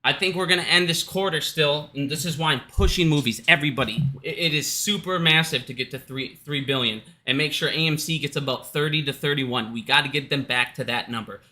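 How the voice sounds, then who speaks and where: A man's voice: a little high, brisk, few pauses, sharp tone. A man from Minnesota giving casual, heated commentary at home, profane and repetitive, hot and out of breath. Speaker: stock market commentator. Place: his house.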